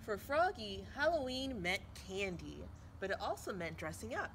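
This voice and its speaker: A woman's voice: mid-range voice, sing-song, moderate pace, noisy background. A woman librarian leading a children's storytime, cheerful and encouraging, with sign language and a picture book.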